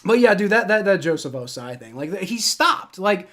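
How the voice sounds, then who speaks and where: A man's voice: sits high, big pitch swings, normal speed, bright, forceful tone. A young man hosting a live play-by-play reaction stream, ranting and swearing in frustration as a fan. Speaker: livestream reaction host.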